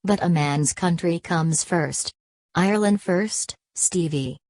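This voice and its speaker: A woman's voice: fairly low pitch, takes it slowly, a little mellow, dry recording, studio quality. A woman voicing an earnest, simple-hearted young male nationalist from an audiobook novel, speaking plainly and pleadingly.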